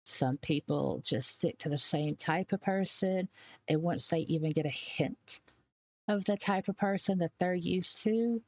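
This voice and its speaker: A woman giving blunt, opinionated commentary and stressing her points hard, with sharp rises on key words. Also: lowish voice, unhurried. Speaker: commentary vlogger.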